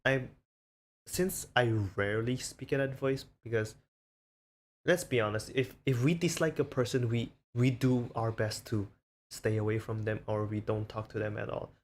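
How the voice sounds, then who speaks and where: A man's voice: medium pitch, moderate pace. A man streaming casually, rambling and self-conscious as he shows off the different voices he talks in. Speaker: VTuber streamer.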